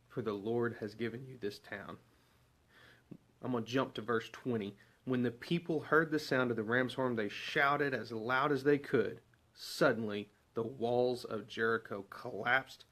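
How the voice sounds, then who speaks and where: A man's voice: medium pitch, moderate pace, fairly bright tone. A man preaching a casual devotional sermon, talking conversationally and asking many rhetorical questions. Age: adult parent.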